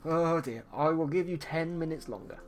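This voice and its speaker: A man's voice: on the high side, normal speed, faint music behind. A man from England, chatting casually with his livestream viewers, teasing and swearing with a laugh. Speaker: streaming artist.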